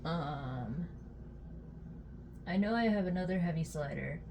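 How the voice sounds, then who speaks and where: A young adult woman chatting casually while unboxing a fidget toy, easily amused and quick to exclaim. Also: low voice, expressive, lo-fi sound, background noise.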